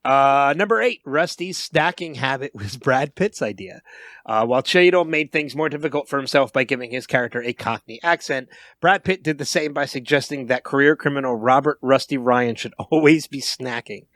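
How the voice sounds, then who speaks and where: A man's voice: medium pitch, normal speed, fairly bright tone, no echo. A man co-hosting a casual film review podcast, patiently explaining things for the listeners. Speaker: podcast co-host.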